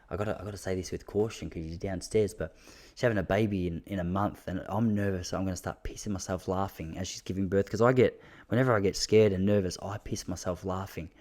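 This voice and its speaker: A man's voice: lowish voice, a little mellow. A young Australian man hosting a podcast, telling casual stories with frequent laughs and self-mocking asides. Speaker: podcast host. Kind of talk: casual solo storytelling.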